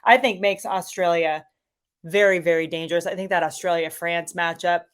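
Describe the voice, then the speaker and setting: A woman's voice: on the low side, normal speed, clear, resonant tone. A middle-aged woman, a soccer commentator, chatting enthusiastically as a guest with lots of fillers. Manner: enthusiastic, animated, many fillers. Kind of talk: casual interview chat.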